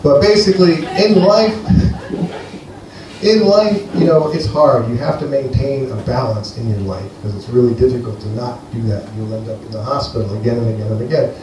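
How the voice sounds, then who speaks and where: A man from Greece performs a loose, rambling stand-up set, dry and playful as he talks to the crowd. His voice sits at an ordinary middle pitch. The sound is very echoey and distant, with room noise clearly present behind him. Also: normal speed. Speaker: stand-up comedian. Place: comedy venue with a live audience. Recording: echoey live room, heard from afar.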